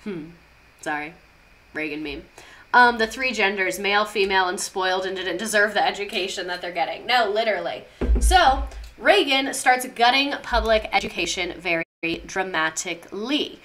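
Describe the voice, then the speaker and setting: Bright-voiced, irreverent woman teaching history. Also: mid-range voice, animated, normal speed, slight background noise. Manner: irreverent, passionate, swears freely. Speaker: history vlogger. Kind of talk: casual history lesson.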